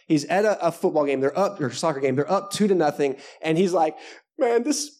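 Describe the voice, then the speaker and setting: A man's voice: fairly high pitch, fast, a little mellow. A male pastor preaching a sermon to a live congregation, conversational and joking, with self-deprecating asides. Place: church service before a live congregation.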